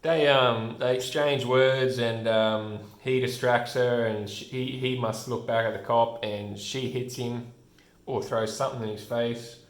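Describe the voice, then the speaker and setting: A man's voice: medium pitch, steady tone, measured pace. Rambling man reviewing comics, roomy echo. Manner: rambling, chuckles often, many restarts.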